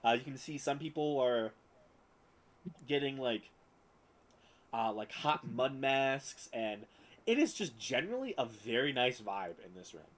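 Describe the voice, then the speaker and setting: A man's voice: mid-range voice, very animated, measured pace, pauses often, a bit bright, rough recording. A man running a tabletop game as game master, narrating descriptively with many fillers.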